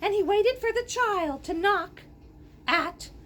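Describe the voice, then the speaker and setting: A woman storyteller reading a fairy tale aloud in an animated way, gasping and adding playful asides. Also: extremely high pitch, slow.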